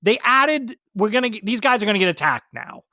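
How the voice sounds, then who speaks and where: A man's voice: sits high, sing-song, bright, forceful tone, no echo, studio quality. A man co-hosting a podcast, giving casual, enthusiastic movie commentary and often restarting his sentences. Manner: enthusiastic, talks in rushed restarts. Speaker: podcast co-host.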